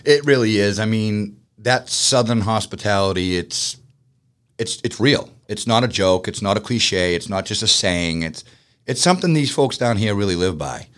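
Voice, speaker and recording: A man's voice: fairly low pitch, expressive, moderate pace, fairly bright tone. Chatty man. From Boston. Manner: chatty and self-mocking, many restarts. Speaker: business owner. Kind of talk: casual interview storytelling.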